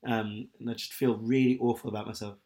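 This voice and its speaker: Fast-talking young man, candid chat. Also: fairly low pitch, level tone, dark tone. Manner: candid, rambling, many fillers. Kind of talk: casual chat.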